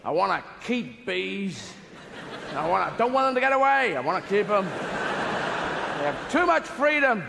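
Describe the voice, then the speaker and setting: A man's voice: high-pitched, big pitch swings, unhurried, gravelly, long pauses, heavily acted. Man playing an obsessive beekeeper. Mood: eager. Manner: eager and fixated, shouting in panic. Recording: echoey hall, audience noise.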